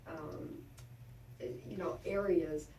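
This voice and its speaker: A woman's voice: sits low, fairly even intonation, slow pace, a crowd in the background. A female radio co-host chatting casually about politics, laughing easily and using many fillers. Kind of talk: casual political talk chat. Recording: echoey room, distant mic, faint hum.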